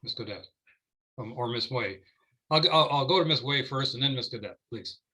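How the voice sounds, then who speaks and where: A man's voice: medium pitch, normal speed, bright, forceful tone, rough recording. A man chairing a town council meeting as mayor, often stumbling and repeating his words as he restarts.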